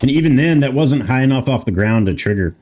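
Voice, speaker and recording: Fast-talking with lively intonation, this man has a medium-pitched, darkish voice over soft background music. He's an American in his thirties doing casual gameplay commentary, rambling, talking back to chat, and swearing freely.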